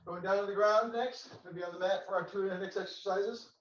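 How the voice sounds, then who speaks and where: A male fitness instructor counting slow exercise reps and joking between counts. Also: high-pitched, steady tone, fairly bright tone, roomy sound, distant mic, lo-fi sound. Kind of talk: counting reps in a workout class.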